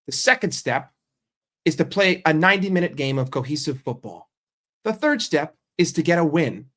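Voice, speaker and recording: A man's voice: fairly high pitch, lively intonation, moderate pace, fairly bright tone. An American man ranting as a football fan vlogger, emphatic and profane. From United States.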